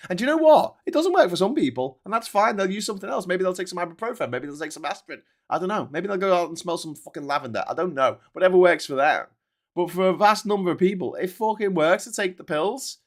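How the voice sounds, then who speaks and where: A man's voice: sits high, lively intonation, fast talker. A man hosting a casual livestream, reading viewer comments and ranting with lots of swearing and restarts.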